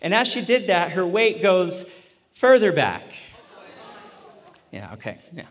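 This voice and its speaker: A man's voice: high voice, huge pitch swings, measured pace, fairly bright tone. A man in his thirties telling a funny, self-deprecating story during a sermon, often chuckling. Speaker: chaplain preaching at a church retreat. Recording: echoey hall sound.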